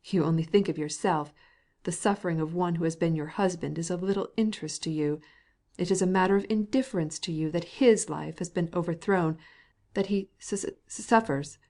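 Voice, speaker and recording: A woman's voice: fairly low pitch, moderate pace, mellow, natural voice. A woman reading a cold, furious husband. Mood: angry. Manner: stiff, stammering with anger. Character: cold, angry husband, middle-aged man, piping voice.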